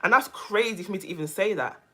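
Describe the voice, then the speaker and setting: A woman vlogger talking casually to her viewers, animated and emphatic, often repeating phrases for stress. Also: mid-range voice, quick pace. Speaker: vlogger, self-care coach. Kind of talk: casual chat to camera.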